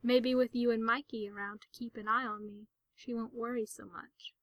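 A woman's voice: fairly high pitch, fairly even intonation, normal speed, dry recording. A woman reading a sickly, eager young boy. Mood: hopeful.

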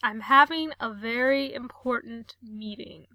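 A woman's voice: fairly high pitch, measured pace, bright, forceful tone, dry recording. Woman doing an unbothered, teasing younger brother. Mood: offhand. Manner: offhand, dry, unbothered.

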